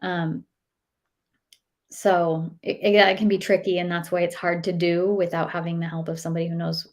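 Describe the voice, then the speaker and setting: A woman's voice: lowish voice, level tone, moderate pace. A woman in her thirties, a nutritionist guest, chatting casually and telling stories with many fillers and acted-out quotes. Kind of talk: casual interview chat.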